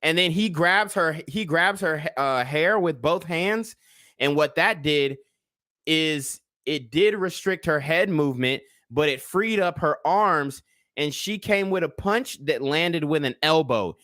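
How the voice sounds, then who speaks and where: A man's voice: on the high side, animated, a little slow, sharp tone, dry recording, clean studio sound. A man in his twenties giving casual livestream commentary, a blunt and profane rambling storyteller.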